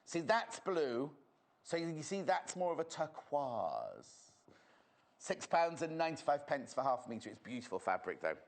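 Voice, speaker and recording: A man hosting a live sewing segment in a TV studio, talking in a chatty, gossipy way and teasing the crew. His voice sits a little high and swings widely in pitch as he reacts, rising and dipping all through his talk. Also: big pitch swings, a little slow. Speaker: shopping channel presenter.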